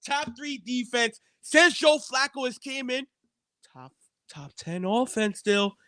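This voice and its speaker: High-voiced, animated podcast co-host man. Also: unhurried, dry recording, clean studio sound. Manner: animated, keeps addressing his co-host. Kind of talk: sports betting podcast chat.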